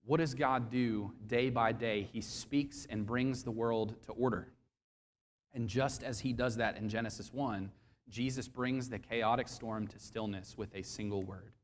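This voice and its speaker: A man preaching a sermon to a congregation, expressive and questioning, acting out quoted voices as he goes. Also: mid-range voice, a little slow, big-room sound, slight background noise. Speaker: pastor. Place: church sanctuary.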